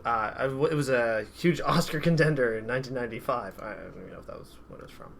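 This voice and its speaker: A young man co-hosting a podcast, chatting in a relaxed way and laughing often. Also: mid-range voice, fast, vocal fry, slight background noise. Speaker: podcast co-host. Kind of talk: casual chat.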